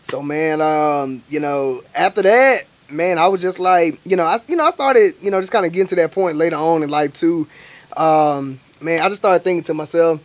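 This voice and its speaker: A young adult man from Alabama, a guest chef telling stories in casual, animated talk full of slang fillers. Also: fairly high pitch, moderate pace. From Montgomery, Alabama, US. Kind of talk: casual storytelling.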